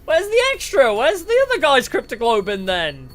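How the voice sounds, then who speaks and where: A woman's voice: high-pitched, wildly swooping pitch, normal speed, faint music behind. A woman streaming a game, chatting bluntly between lines, swearing casually and laughing often.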